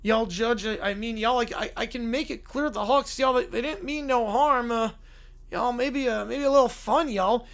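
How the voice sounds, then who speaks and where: A man's voice: extremely high pitch, normal speed, creaky, a bit bright, heavily acted. A man voicing a bumbling, apologetic male defense lawyer with a put-on Southern drawl, stammering and hesitant, in a comic courtroom role-play. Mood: flustered. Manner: stammering, hesitant, full of fillers.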